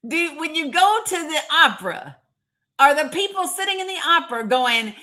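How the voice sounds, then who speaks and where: A woman from Northeast Tennessee talks straight to her livestream viewers in a chatty, emphatic way, answering commenters by name. Her voice is bright and forward, pitched a little high, and her Tennessee accent comes through clearly. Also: very animated, measured pace. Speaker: livestream host. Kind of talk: live-streamed commentary to viewers.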